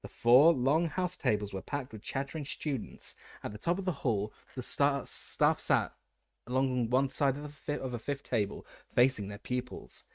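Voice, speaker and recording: A man's voice: medium pitch, animated, moderate pace, no room sound, studio quality. A man reading a fantasy novel aloud as an audiobook narrator, often stumbling and restarting words.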